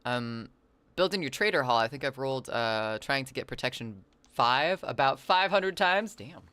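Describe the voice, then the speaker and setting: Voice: mid-range voice, lively intonation, moderate pace, sharp tone, smooth, no echo. An adult game streamer chatting casually while playing, reading the chat aloud and answering it, with playful, rambling asides. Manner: playful wordplay and silly asides.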